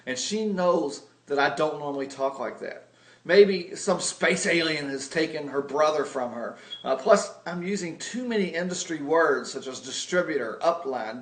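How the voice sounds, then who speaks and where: A man's voice: on the high side, reverberant. A man giving a humorous, self-deprecating sales lesson, telling stories with comic exaggeration. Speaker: video blogger teaching sales.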